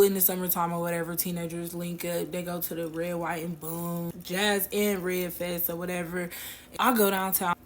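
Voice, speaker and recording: A woman's voice: on the low side, slight background noise. Chatty woman telling a storytime. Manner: slangy, laughs while telling. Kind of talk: casual storytime vlog.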